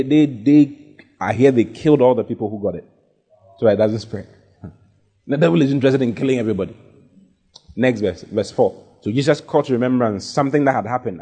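A man's voice: medium pitch, dark tone, slightly rough. A man pastor preaching a sermon, repeating phrases and building to emphatic declarations. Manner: repetitive, rising to emphatic preaching.

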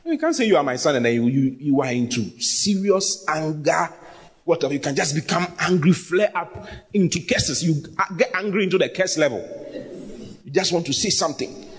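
A male pastor preaches with a fairly high, wildly swinging voice. He teases his listeners and hammers points home by repeating them. Long church-hall echo trails every phrase. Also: normal speed. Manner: animated, teasing, repeats phrases for emphasis. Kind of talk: sermon.

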